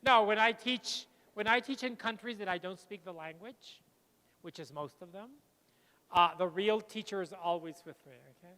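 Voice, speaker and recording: A middle-aged man, giving a lively plenary talk to teachers and telling anecdotes. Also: sits high, normal speed. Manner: lively, switches between English and Spanish, tells anecdotes. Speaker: conference speaker. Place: large lecture hall. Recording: long hall reverb.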